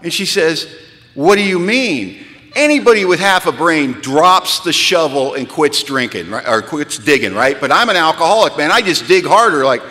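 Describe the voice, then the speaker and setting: A man telling a self-mocking recovery story to an audience in a hall, animated and rising to high-pitched punchlines. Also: normal speed, few pauses. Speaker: speaker sharing recovery story. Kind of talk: storytelling talk to a live audience. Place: large hall at a retreat. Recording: long reverb of a hall.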